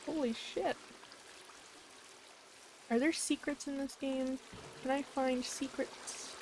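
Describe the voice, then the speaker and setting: A young woman streaming a game, excitable and swearing freely, talking to the characters on screen. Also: sits high, takes it slowly, noisy background. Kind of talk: casual gameplay commentary. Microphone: desk mic.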